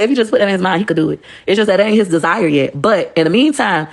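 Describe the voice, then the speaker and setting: Blunt, profane woman with a gravelly voice. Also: medium pitch, fast. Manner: blunt, profane, animated storytelling. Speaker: livestreamer. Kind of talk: casual livestream monologue.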